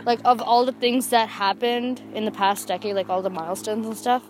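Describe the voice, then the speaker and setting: A woman's voice: fairly high pitch, fairly even intonation, fairly quick, background noise. A teenage girl co-hosting a podcast, chatting casually with friends in a public park, giggly and rambling with lots of fillers. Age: teens. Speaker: podcast co-host.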